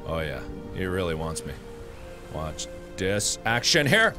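A man streaming a game live, joking and yelling at enemies, then dropping to low mutters. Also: measured pace, faint music behind. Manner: excitable, jokey, yells at enemies then mutters.

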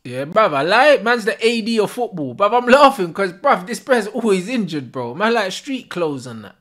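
A young man reacts live to a football match, his voice swinging widely up and down as he groans and rants. He swears freely, packs his talk with street slang and yells at the referee. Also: sits high, very animated, moderate pace. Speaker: football fan streamer. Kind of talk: live watch-along commentary.

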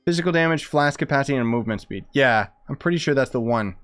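Excitable young man streaming a game. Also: mid-range voice, fast talker, clean tone. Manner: excitable, chatty, thinking aloud. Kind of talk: casual live-stream commentary. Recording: dry close sound with faint music.

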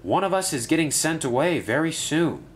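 Storybook side role: man voicing a meek shunter, quiet and high. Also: sing-song, normal speed, a little hiss or hum. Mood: modest. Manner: quiet, modest. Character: meek male battery shunter, self-doubting. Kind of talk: storybook narration.

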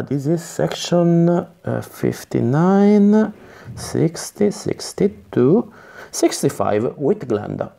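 A man's voice: on the high side, very animated, creaky, dark tone. Man reading a gamebook live. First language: Italian. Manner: halting, chatty asides with self-corrections.

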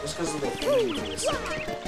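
A man's voice: extremely high pitch, huge pitch swings, moderate pace. A man giving casual, offhand and self-mocking gameplay commentary as a let's play host, with game music behind and the mic a little distant.

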